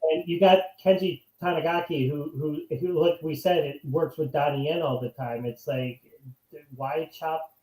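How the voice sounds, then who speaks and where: A man co-hosting a casual film chat, animated and profane, telling personal stories. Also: fairly high pitch, normal speed, echoey room, poor audio. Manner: animated, swears, tells stories. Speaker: co-host.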